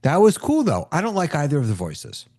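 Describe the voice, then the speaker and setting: A man hosting a casual video call, excitable, laughing often and restarting his sentences. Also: on the high side, a little fast. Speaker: host of a video-call tech meetup. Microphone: computer mic on a video call.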